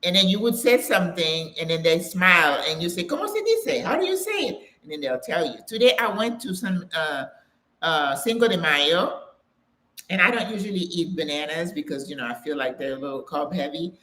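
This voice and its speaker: A woman's voice: low voice, moderate pace, pushed and bright. An older woman hosting a live Q&A, chatting casually, laughing often and greeting viewers by name. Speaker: host of a live Q&A for retiring women. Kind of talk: casual live-stream chat.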